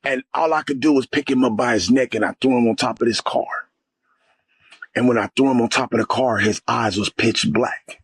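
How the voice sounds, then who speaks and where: Husky-voiced man telling a fervent testimony. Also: medium pitch, brisk, dry recording. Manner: fervent, vivid storytelling, often adds "man" and "brother". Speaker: guest sharing a testimony. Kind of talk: emotional spiritual testimony.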